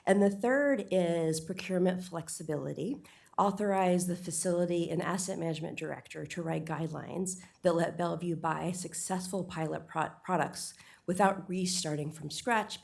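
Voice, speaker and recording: A woman speaking at a city council meeting, a little short of breath, with a lowish, gravelly voice. She lays out her points earnestly and persuasively, catching and correcting her own slips. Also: darkish tone. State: slightly out of breath. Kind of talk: prepared public comment speech.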